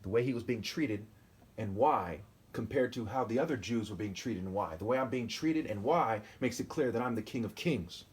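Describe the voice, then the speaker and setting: A man's voice: lowish voice, expressive, moderate pace, breathy edge. A man in his forties recording a solo video monologue, reading scripture and commenting on it in a combative, ranting, insulting way, often breaking off with "okay?". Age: 40s. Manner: preachy, keeps asking "okay?". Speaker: self-styled preacher.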